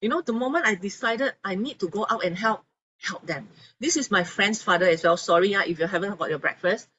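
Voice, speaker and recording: A woman giving an animated testimonial talk to an audience, acting out the people she quotes. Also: mid-range voice, brisk, lo-fi sound, a little hiss or hum. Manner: animated storyteller, acts out quotes.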